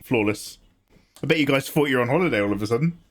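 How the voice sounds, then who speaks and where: A young man with a mid-range voice and lively intonation hosts a livestream where he draws, talking at a quick pace. He chats casually, jokes with viewers, and laughs often.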